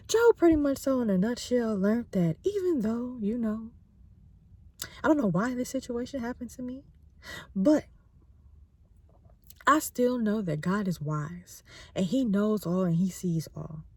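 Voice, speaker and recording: A woman host casually retelling a scripture story in a slangy, animated, conversational way. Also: a little high, unhurried, long pauses, husky, dry recording.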